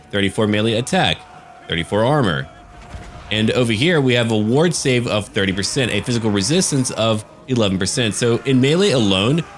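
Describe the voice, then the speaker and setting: Low-voiced, jokey game commentator man. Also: slight background noise. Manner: casual, jokey, chatty. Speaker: gaming channel host.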